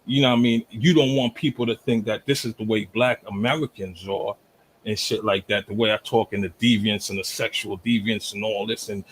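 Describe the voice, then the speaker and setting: A man from Jamaica arguing forcefully in a heated online debate, pushing through interruptions. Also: fairly low pitch, slightly rough, poor audio. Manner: forceful, repeatedly talks over interruptions.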